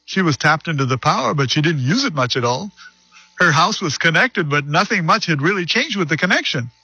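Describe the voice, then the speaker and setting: A man pastor preaching a sermon, reading scripture slowly and deliberately and telling a story. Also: mid-range voice, lively intonation, bright, forceful tone, husky, dry recording, lo-fi sound.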